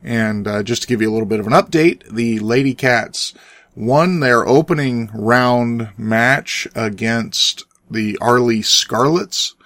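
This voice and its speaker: A hoarse, raspy man hosts a Christian talk podcast in a folksy, earnest manner, often restarting his sentences. His voice sits at an ordinary male pitch. The recording is dry, with no room sound. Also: measured pace, a bit bright, no room sound. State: hoarse from cheering. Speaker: podcast host and preacher. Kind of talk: casual chat.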